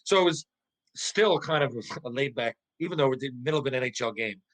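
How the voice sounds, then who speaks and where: Profane, rambling middle-aged storyteller. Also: male voice, fast talker, rough recording. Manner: lively, profane, stumbling restarts, jumps into high voices for quotes. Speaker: podcast guest, former pro hockey player. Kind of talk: casual storytelling anecdote.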